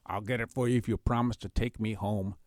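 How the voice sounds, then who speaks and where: A sly fairy-tale frog coaxes in a low, hushed voice, as a storyteller puts him on. The voice sits close and dry, with no room sound. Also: male voice, steady tone, a little fast, dry recording, natural voice. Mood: coaxing. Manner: low, soft and coaxing.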